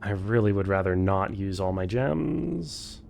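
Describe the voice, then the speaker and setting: Low, gravelly-voiced male game streamer. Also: animated, a little slow, darkish tone, a little hiss or hum. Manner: thinks aloud, swears freely, chats with viewers. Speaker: streamer playing a game for the first time. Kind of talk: casual live-stream commentary.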